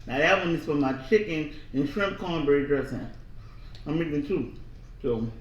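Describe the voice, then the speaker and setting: A man in casual chat at home, telling slangy, joking stories in an animated way. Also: on the high side, moderate pace, lo-fi sound. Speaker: co-host of a family channel. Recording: echoey room, a bit far from the mic.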